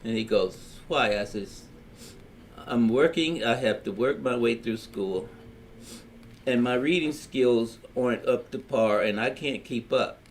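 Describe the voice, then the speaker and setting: A man's voice: medium pitch, a little slow, slight background noise. An older man from Louisiana with a Louisiana accent, telling his life story in a family history recording, plain-spoken and rambling as he acts out old conversations.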